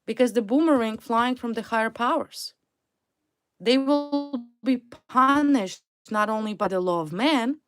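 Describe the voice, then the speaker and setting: Blunt, emphatic woman reading tarot. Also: medium pitch. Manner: emphatic, blunt and repetitive, with swearing. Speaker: tarot reader.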